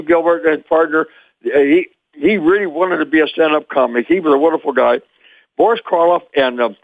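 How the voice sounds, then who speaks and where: A man in his eighths decade from Memphis, Tennessee, telling old stories as an interview guest, lively and chuckling often. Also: on the high side, creaky, dry recording. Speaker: guest, former child actor. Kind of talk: animated storytelling interview. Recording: tinny phone line, dry.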